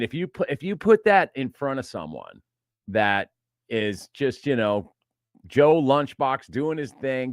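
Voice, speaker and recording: A man's voice: fairly low pitch, no room sound, studio quality. A man co-hosting a podcast, telling rambling stories in casual chat, full of fillers and restarts. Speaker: podcast co-host.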